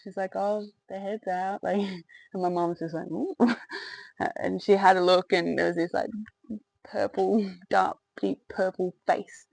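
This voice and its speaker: A woman's voice: fairly low pitch, little pitch movement, a little slow, gravelly, a little mellow, no room sound, rough recording. A woman telling her own birth story in a candid, rambling way, with lots of fillers, laughter and swearing. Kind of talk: casual personal storytelling to camera.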